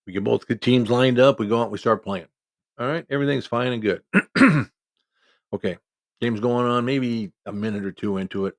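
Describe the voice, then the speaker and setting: Gravelly-voiced man telling a story. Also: medium pitch, normal speed, no echo. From Iowa. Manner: folksy, conversational, quotes people in his own voice. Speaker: football referee. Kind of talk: casual spoken storytelling.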